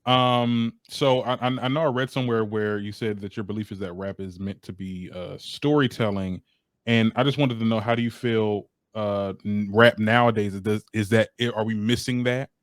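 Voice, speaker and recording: A man hosting a casual interview, chatty and relaxed, with many fillers. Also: lowish voice, normal speed, dry recording, clean studio sound. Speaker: interview host.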